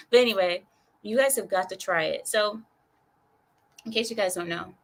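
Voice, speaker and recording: A woman's voice: medium pitch, normal speed. A woman hosting a casual livestream, reading chat comments aloud in a chatty, rambling way and laughing often.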